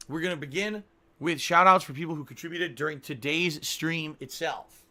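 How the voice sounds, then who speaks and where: A man with a Connecticut accent thanks viewers on a live stream in a bright, forward voice. He talks casually and playfully and laughs often. Now and then he stretches words out for a joke. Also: a little high, expressive, normal speed, gravelly. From Connecticut, USA. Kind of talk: live-stream chat reading donations.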